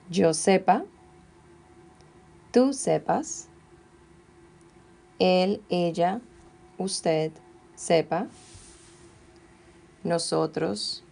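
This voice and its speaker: A woman teaching Spanish grammar, slowly and carefully dictating verb forms one at a time. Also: fairly low pitch, vocal fry, a little mellow. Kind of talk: classroom grammar lesson.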